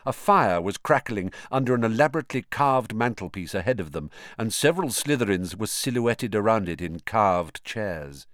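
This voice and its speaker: A man narrating an audiobook in an expressive, animated reading. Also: on the low side, moderate pace, hardly any pauses, no room sound, studio quality. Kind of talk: scripted narration.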